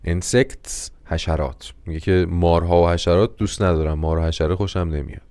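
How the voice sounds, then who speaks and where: Rapid-fire Persian-speaking male teacher. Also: low voice, fairly even intonation, mellow, no room sound. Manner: repeats English sentences slowly, then translates them quickly. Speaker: English teacher. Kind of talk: online class, explaining textbook exercises.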